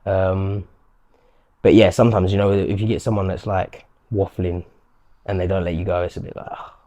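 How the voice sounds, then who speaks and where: A man's voice: sits low, level tone, moderate pace, dark tone. A man, a professional fighter, chatting casually in an interview and acting out what strangers say to him. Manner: chatty, acts out quotes of strangers. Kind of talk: casual chat.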